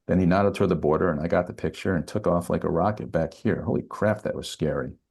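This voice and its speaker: A man's voice: sits low, fast, gravelly, darkish tone, breathy edge, heavily acted. A man reading the lines of a shaken, blunt American character in a novel, in his own everyday voice. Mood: rattled.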